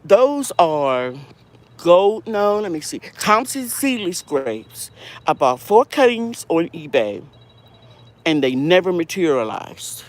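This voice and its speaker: A woman's voice: lowish voice, big pitch swings, takes it slowly. A middle-aged woman hosting a casual garden tour vlog outdoors, talking in a chatty, rambling way and correcting herself as she goes, recorded on a handheld phone. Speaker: home gardener and channel host.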